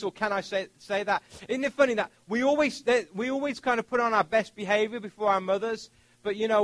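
A man's voice: high-pitched, fairly bright tone, no room sound, low-quality recording. A man preaching a sermon as pastor, telling stories from childhood and joking with his congregation.

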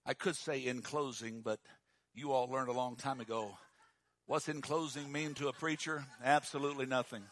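A man preaching a sermon in a dramatic style, dropping to a hush and then rising to a shout. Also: medium pitch, steady tone, moderate pace, dry recording. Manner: dramatic, swings from hushed to shouting.

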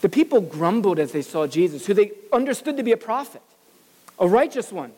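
A pastor preaching a sermon in a lively, animated way, acting out the voices of the people in the story. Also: mid-range voice, moderate pace, in a large hall.

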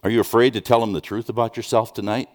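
Male pastor, sermon, lowish voice, conversational restarts, rhetorical questions, soft to urgent. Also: little pitch movement, fast. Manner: swings from soft, hushed lines to raised, urgent questions.

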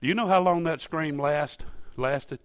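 A man preaching a sermon in a church, folksy and storytelling, rising to loud emphatic peaks. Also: fairly high pitch, measured pace, clear, resonant tone, no room sound. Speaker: pastor. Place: church sanctuary.

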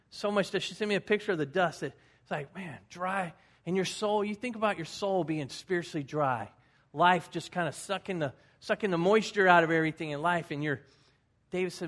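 A man's voice: sits high, moderate pace, a bit bright. A man in his fifties, a pastor giving a folksy, conversational sermon with personal stories.

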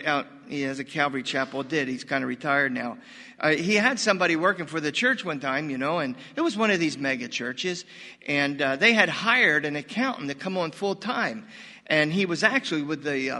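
An older man in his sixties preaches with a high, bright voice. His folksy delivery rises into sudden loud, animated bursts, and a long reverb hangs behind him as in a hall. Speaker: pastor. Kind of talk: sermon.

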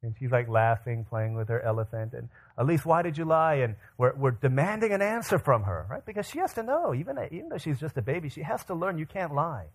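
A man's voice: medium pitch, brisk, hardly any pauses, breathy edge. A man in his thirties preaching a sermon, telling stories and acting out the quotes. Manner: animated storytelling with quoted voices. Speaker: pastor.

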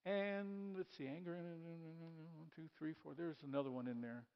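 A man preaching a sermon in a church, lively and repeating key lines as he leads the congregation in reading aloud. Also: fairly high pitch, a little slow, clean tone, lo-fi sound. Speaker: pastor.

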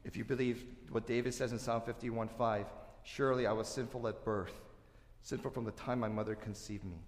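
A male pastor preaching a sermon, animated, swinging between loud emphasis and quiet asides. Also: mid-range voice, brisk. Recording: echoey hall with long reverb.

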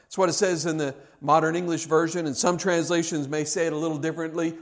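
A man preaching a sermon to his congregation in an earnest, searching way. His voice sits a little above the usual male pitch, and he keeps restarting words and firing rhetorical questions at his listeners. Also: flat delivery, fast. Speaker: pastor.

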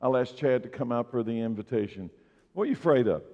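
A man's voice: mid-range voice, animated, fast talker, warm tone. A man preaching a sermon as pastor to his church, emphatic and building in force on key points. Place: church sanctuary. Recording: dull, echoey church hall recording.

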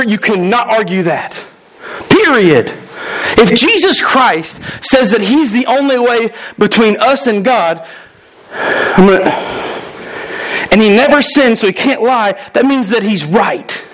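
Thirty-something guy preaching, high voice, animated and jokey. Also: poor audio. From United States. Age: 30s. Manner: energetic, animated preaching with quick asides and jokes. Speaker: pastor. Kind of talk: sermon.

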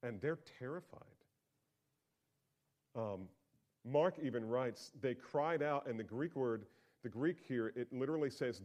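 A man preaching a sermon as pastor, talking conversationally and swinging from quiet asides to loud, emphatic peaks. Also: mid-range voice, lively intonation, unhurried.

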